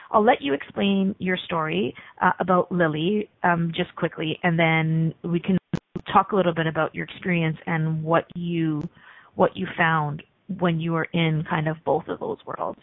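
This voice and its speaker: A woman hosting a radio talk show, talking fast with many ums. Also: lowish voice, vocal fry, no echo, phone-quality sound. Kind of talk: casual talk radio monologue.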